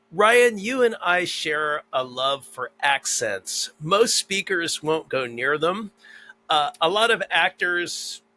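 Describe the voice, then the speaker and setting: Bright-voiced enthusiastic male podcast host. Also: a little high, rough recording. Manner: enthusiastic, affirming interviewer. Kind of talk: podcast interview.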